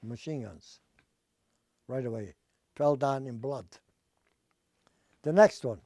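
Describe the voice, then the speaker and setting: An older man giving oral history testimony in non-native English, halting and pausing to search for words. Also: medium pitch, warm tone, no room sound, clean studio sound. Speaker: Holocaust survivor giving testimony.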